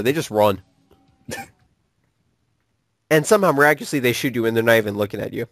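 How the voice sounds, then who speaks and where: A man ranting about games in casual chat with a friend, animated and quick to curse and laugh. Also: medium pitch, no room sound, clean studio sound, soft background music. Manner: animated, swears freely, laughs often. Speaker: co-host of a gaming channel.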